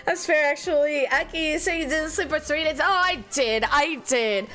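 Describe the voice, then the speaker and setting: A woman's voice: high-pitched, normal speed, a bit bright, soft background music. A young woman streamer chatting casually with her viewers, sleep-deprived, laughing often and squealing when she thanks them. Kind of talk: casual live-stream chat.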